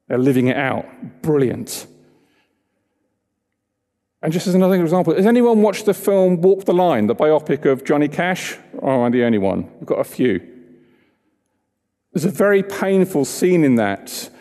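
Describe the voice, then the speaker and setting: Male preacher, mellow tone, conversational and engaging, long church echo. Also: a little high, expressive, moderate pace. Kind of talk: sermon.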